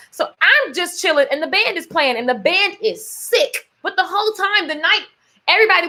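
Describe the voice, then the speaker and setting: High, pushed and bright, her voice carries a laid-back vlog full of playful storytelling and motivational talk. She keeps laughing as she speaks and switches into character voices for quotes.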